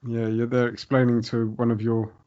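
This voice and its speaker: A man's voice: mid-range voice, completely flat delivery, normal speed, dark tone, dull audio. A man hosting a podcast, prompting his guest with short questions and asides. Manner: prompting, with brief backchannels. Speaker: podcast host. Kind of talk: interview.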